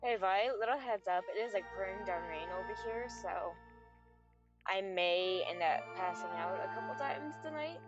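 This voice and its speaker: A woman in casual chat on a live stream call, relaxed and easygoing, dropping curses freely. Loud music plays behind her voice. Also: medium pitch, moderate pace, muffled recording. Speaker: stream co-player.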